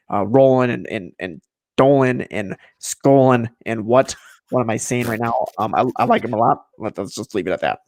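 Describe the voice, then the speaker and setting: A man's voice: mid-range voice, dry recording, clean studio sound. A man co-hosting a casual fantasy football show, playful and emphatic, and he sometimes talks straight to the players. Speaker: podcast co-host. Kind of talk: casual sports talk.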